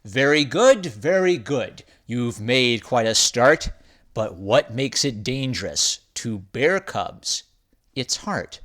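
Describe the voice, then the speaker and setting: A man's voice: medium pitch, expressive, a bit bright. A man voicing a kindly schoolteacher who speaks firmly and encouragingly to his class in a rhyming storybook. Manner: firm, measured classroom voice. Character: kindly male schoolteacher, firm but encouraging.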